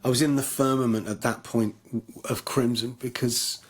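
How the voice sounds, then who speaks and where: Husky-voiced English man telling stories. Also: medium pitch, steady tone, moderate pace. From England. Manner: rambling storyteller with many restarts. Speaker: guest musician. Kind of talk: anecdotal interview chat.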